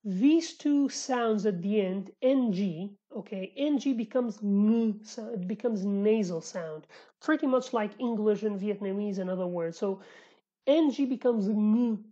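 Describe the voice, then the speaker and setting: A woman with a Sulaymaniyah Kurdish accent teaching vocabulary in a casual lesson, repeating words slowly and correcting herself with chatty asides. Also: medium pitch, warm tone, highs cut off. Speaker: language teacher.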